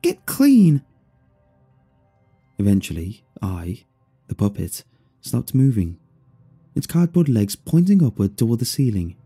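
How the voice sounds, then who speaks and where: A man narrating a first-person story in an expressive, dryly amused way. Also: lowish voice, normal speed, vocal fry, slightly rough, soft background music.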